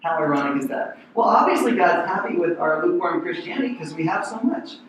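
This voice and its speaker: A man's voice: high voice, expressive, quick pace, distant mic, slight background noise. A middle-aged man preaching a conversational sermon as pastor, acting out the voices in the verses. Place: large church hall. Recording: very echoey hall.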